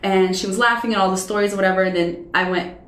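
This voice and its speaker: A woman in her thirties, a radio personality, chatting as an interview guest and telling stories with lively acted-out dialogue. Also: medium pitch, fast. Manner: animated storyteller who acts out quoted dialogue. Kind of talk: casual interview conversation. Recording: roomy echo.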